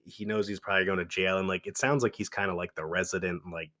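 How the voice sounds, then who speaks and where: A man's voice: low-pitched, fairly even intonation, fast talker, sharp tone. A man co-hosting a podcast in casual movie-review chat, laid-back and laughing often, full of "dude" and "like.". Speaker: podcast co-host.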